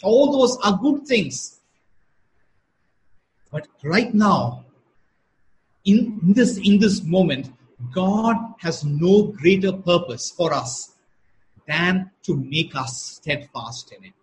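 A man preaching a sermon at a slow, emphatic pace, repeating key phrases for weight. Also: high voice, expressive, rough recording. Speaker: pastor.

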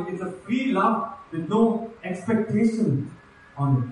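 High-voiced man preaching in an echoey room. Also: expressive, unhurried, slight background noise. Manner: earnest, rising pitch on repeated invitations. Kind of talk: sermon. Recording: very echoey room, voice far from mic.

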